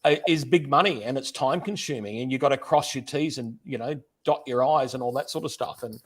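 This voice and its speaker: A man's voice: medium pitch, brisk, slightly rough. A man, hosting a casual livestream interview in a chatty, friendly way. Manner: chatty, friendly, repeats words. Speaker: host, interviewer.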